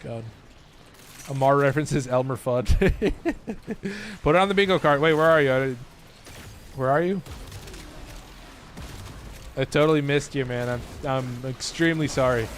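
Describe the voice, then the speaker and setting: A Californian-accented man with a mid-range voice speaks at a measured pace, pausing at length, as he loosely chats and jokes during a gaming live stream, swearing often. A little hiss or hum sits under the audio.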